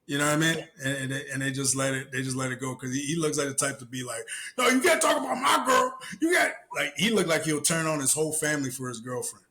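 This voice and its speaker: A man co-hosting a casual podcast, telling animated stories, acting out the people he quotes and swearing freely. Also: mid-range voice, fast, few pauses. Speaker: podcast co-host. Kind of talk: casual chat.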